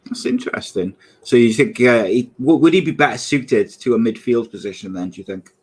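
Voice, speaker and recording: A man's voice: mid-range voice, sing-song, brisk, darkish tone, breathy edge. A man hosting a live podcast, chatting casually and reading out viewer comments in an upbeat way. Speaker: podcast host. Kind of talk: casual chat.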